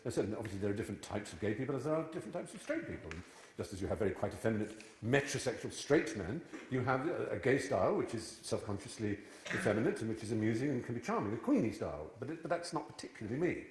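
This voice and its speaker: A man's voice: mid-range voice, very animated, racing, hardly any pauses, slight background noise. A man in his fifties, a guest speaker telling witty, digressive stories to a live audience. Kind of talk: storytelling talk to a live audience. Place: large church hall before an audience. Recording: echoey church hall.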